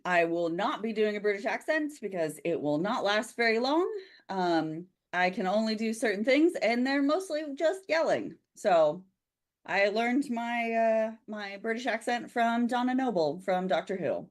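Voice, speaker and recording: A woman's voice: mid-range voice, sing-song, a little slow. A chatty woman who laughs often, running a tabletop game as game master in casual chat. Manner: giggly, chatty.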